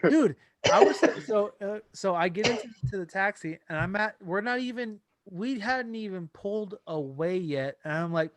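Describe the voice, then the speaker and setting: A young man hosting a podcast, telling a story in casual chat with animated delivery and plenty of swearing. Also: sits high, moderate pace, a little hiss or hum. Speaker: podcast host.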